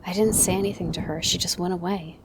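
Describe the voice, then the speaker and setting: A woman's voice: lowish voice, steady tone, fast talker, background noise, lightly acted. A woman voicing a frightened but defiant little boy who pleads with his father. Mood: pleading. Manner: pleading, small.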